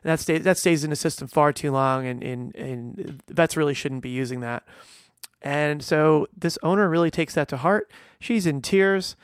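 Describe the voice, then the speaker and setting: A man's voice: on the high side, normal speed, clear, resonant tone, no room sound, studio quality. A middle-aged man, a veterinarian, talking casually and earnestly, stressing points with restarts and fillers. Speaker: veterinarian and podcast host. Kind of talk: casual monologue.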